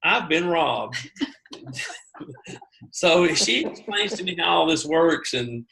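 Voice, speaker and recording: A man telling his own story on a video call, animated and poking fun at himself. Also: a little high, slow, vocal fry, slight background noise. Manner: animated, self-mocking, acts out his own reactions. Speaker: guest sharing his sales story.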